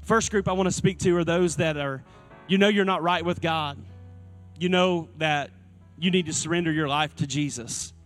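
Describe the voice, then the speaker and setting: A male pastor delivers a sermon on a stage microphone, his voice sitting a bit high for a man. He is earnest and drives his points home by repeating them. Soft instrumental music plays quietly under him. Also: normal speed. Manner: earnest preaching, repeating key phrases. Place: church sanctuary.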